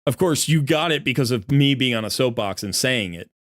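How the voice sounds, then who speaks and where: A man's voice: mid-range voice, animated, brisk, a bit bright, no echo, clean studio sound. A middle-aged man hosting a casual live stream from his desk at home, rambling and laughing a lot as he pokes fun at himself. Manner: rambling, self-deprecating, laughs often. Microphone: desk microphone.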